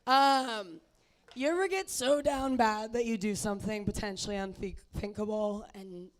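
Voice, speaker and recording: A woman's voice: mid-range voice, unhurried. A woman doing a stand-up set on a comedy club stage, scattered and self-deprecating, with many ums.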